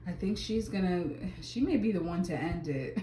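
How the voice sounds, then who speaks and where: A woman's voice: on the low side, expressive, normal speed, mellow, roomy sound, a little hiss or hum. A woman giving a casual tarot reading to camera, chatty, with many fillers and exclamations. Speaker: tarot reader.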